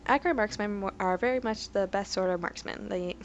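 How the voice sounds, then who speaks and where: A woman's voice: medium pitch, a little fast, lo-fi sound, a little hiss or hum. A woman doing casual let's play commentary, reading game entries aloud in a chatty, self-correcting way with giggly asides.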